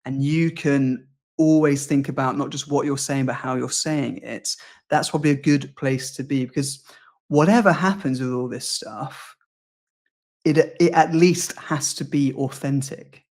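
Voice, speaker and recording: A man from the UK, a public speaking coach, chatting in a podcast interview. His pitch is mid-range, and he talks fluently and with animation, slipping into quoted voices to make his points. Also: fairly even intonation, measured pace, darkish tone. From United Kingdom.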